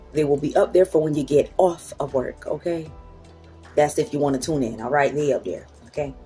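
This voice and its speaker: A woman's voice: sits low, mellow. A woman giving a casual motivational talk on her own channel, blunt and preachy, swearing, repeating her points and laughing between them. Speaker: motivational vlogger.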